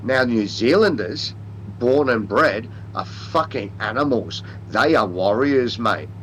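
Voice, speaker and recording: A man's voice: medium pitch, lively intonation, takes it slowly, low-quality recording. Man, Australian accent, blunt, swears a lot, rambling, casual chat, faint background noise. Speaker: co-host.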